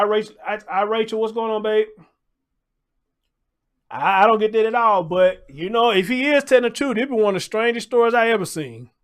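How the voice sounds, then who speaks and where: A man's voice: high voice, a bit bright. A man hosting a livestream, talking loosely in casual commentary, repeating his points and greeting viewers in the chat.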